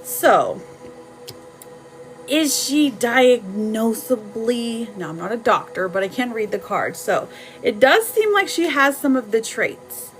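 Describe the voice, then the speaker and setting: A woman giving casual tarot readings on a live stream, chatting warmly with viewers and laughing often. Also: a little high, big pitch swings, slow, faint music behind, poor audio.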